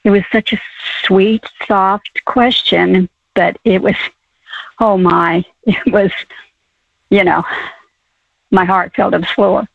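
Older lady caller on the phone, raspy and kinda gravelly, lots of ums, tinny line. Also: medium pitch, fairly even intonation, no echo. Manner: halting, many fillers, laughs often. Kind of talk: call-in testimony.

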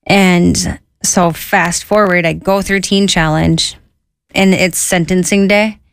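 A woman with a somewhat low voice tells her own story in a relaxed, conversational way. She slips into lively quoted voices for the people in her tale. The sound is close and dry. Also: takes it slowly, creaky, clear, resonant tone, no room sound. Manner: lively, quotes herself and others in an animated voice. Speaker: guest sharing her testimony.

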